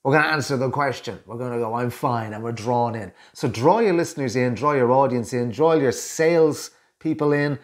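A man's voice: medium pitch, brisk, hardly any pauses. An Irish man, a communication coach, talking straight to camera in a chatty way and acting out both sides of everyday small talk. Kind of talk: direct-to-camera coaching tips.

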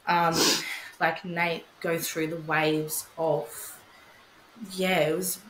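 A woman's voice: low voice, level tone, very slow, a bit bright, a little hiss or hum. Candid woman, roomy echo. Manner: candid, swears freely, many fillers. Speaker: podcast guest, bereaved mother. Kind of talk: casual storytelling chat.

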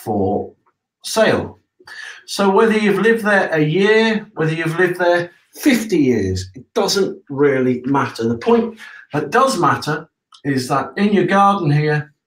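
A man's voice: a little high, fairly bright tone, echoey room, rough recording. A man hosting a casual live broadcast, explaining things step by step in a chatty way and checking in with listeners. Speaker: septic tank business owner hosting a live broadcast.

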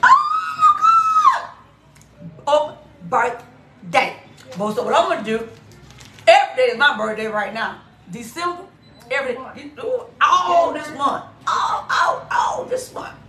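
A woman's voice: sits high, animated, measured pace, sharp tone. A woman pastor preaching an exuberant sermon, laughing often and repeating her phrases over and over. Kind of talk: lively sermon. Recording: echoey room, off mic.

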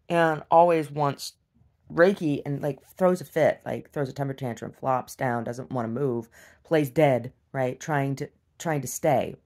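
Low-pitched woman, casual video diary rant, blunt and profane, mocks people in silly voices. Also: a little mellow. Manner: blunt, profane, exasperated venting; mocks others in exaggerated voices. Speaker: video diarist.

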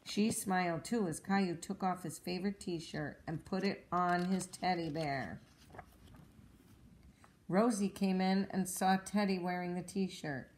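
A woman reading a children's storybook aloud at home, with clear, even, expressive narration. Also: on the low side, a little slow, a little hiss or hum. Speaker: storybook reader.

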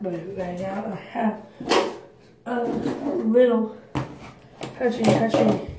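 A woman's voice: medium pitch, heavy background noise. A teenage girl rambling through her morning routine in a casual vlog, chatty and full of fillers. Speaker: vlogger. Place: bathroom at home. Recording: roomy echo, voice from a distance.

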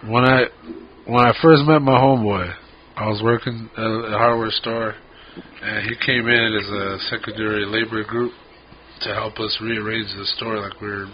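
A podcast co-host with a low-leaning voice tells rambling stories in casual chat, swearing freely. The lo-fi audio is dull and carries a little hiss or hum.

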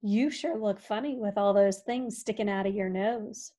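A woman voicing a smug male barn cat who teases slowly and slyly. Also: medium pitch, mellow, lightly acted. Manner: sly, slow, teasing.

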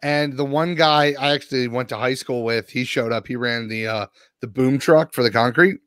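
A man co-hosting a podcast, telling a long rambling story full of swearing. He is sore and worn out after a rough day. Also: mid-range voice, normal speed, a bit bright, no room sound, clean studio sound. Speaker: podcast co-host. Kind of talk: casual podcast chat.

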